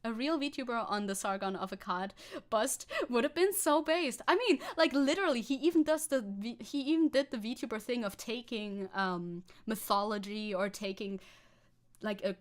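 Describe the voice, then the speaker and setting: A woman's voice: a little high, normal speed. A woman VTuber streaming live, chatting casually and sarcastically while reading and answering chat. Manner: sarcastic, reads chat aloud and laughs often.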